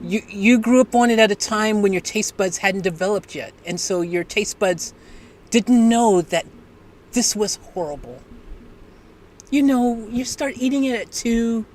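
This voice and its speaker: A live-stream host chatting casually with viewers, telling stories in a rambling, animated way. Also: mid-range voice, unhurried, a little hiss or hum. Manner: rambling, animated storytelling with restarts. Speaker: livestream host.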